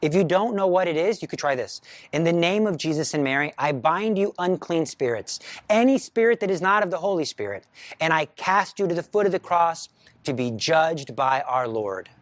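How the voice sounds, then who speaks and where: A man's voice: a little high, animated, normal speed, no room sound. Firm-voiced man leading prayers. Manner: firm, emphatic prayer cadence. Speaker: Catholic teacher. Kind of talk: spiritual teaching talk.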